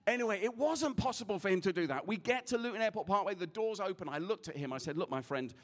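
A man preaching to a church congregation, with a voice that sits a little high for a man. He tells his story with lively, animated energy and later settles into soft, hushed prayer. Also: fast. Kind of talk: sermon.

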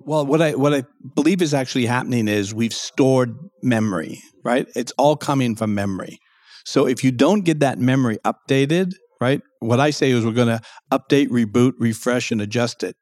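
A man's voice: mid-range voice, moderate pace, darkish tone, dry recording, studio quality. A man, a guest expert in an interview, explaining at length and acting out quoted speech in a raised voice.

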